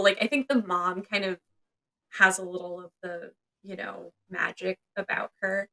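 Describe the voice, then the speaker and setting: A woman's voice: mid-range voice, steady tone, a little slow, gravelly, bright, forceful tone. A young woman co-hosting a podcast, chatting casually and animatedly about a movie, acting out characters' lines. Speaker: podcast co-host.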